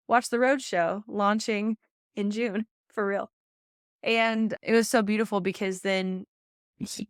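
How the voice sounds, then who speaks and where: A woman speaks as a motivational coach on her podcast. Her voice is smooth and crisp and her pitch sits in the middle range. She talks emphatically, with repeated phrases and many fillers, and the recording is close and dry. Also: no echo. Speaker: pageant coach and podcast host.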